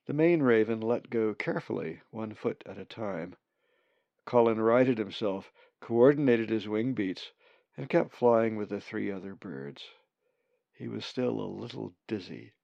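Slow, gravelly male storyteller. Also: on the low side, expressive, no room sound, dull audio. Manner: slow, measured reading. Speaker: narrator. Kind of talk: storybook narration.

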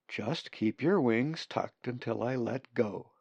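A playful young female raven who loves tumbling through the air, as a man reading the story puts her on. The voice is raised and lively over a gravelly base, recorded dull and lo-fi. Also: mid-range voice, slow, no echo, heavily acted. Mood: playful, instructive. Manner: playful, cackling laugh.

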